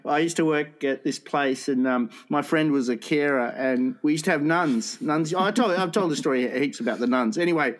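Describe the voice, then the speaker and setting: A man's voice: a little high, normal speed, few pauses. A man with a slightly raised voice tells a story in loose, casual chat. He rambles, laughs often and trips over his words.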